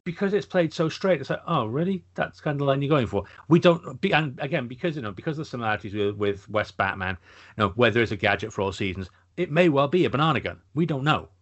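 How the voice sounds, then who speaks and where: A man's voice: medium pitch, fast talker, highs cut off. A man co-hosting a podcast, rambling agreeably in casual chat. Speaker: podcast co-host.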